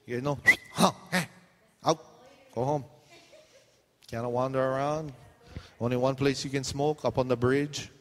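A man's voice: mid-range voice, fairly even intonation, moderate pace, in a large hall. Hawaiian Pidgin-accented male pastor, mid-range voice, playful and ribbing with his flock in church. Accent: Hawaiian Pidgin English. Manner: jokey, teasing banter with the crowd. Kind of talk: joking sermon to a congregation. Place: church hall.

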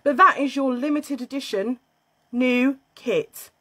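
A British woman hosting a casual livestream from home, bubbly, excitable and a bit scatty as she chats to viewers. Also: high voice, unhurried. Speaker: livestream host selling beauty and wellness kits. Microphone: phone.

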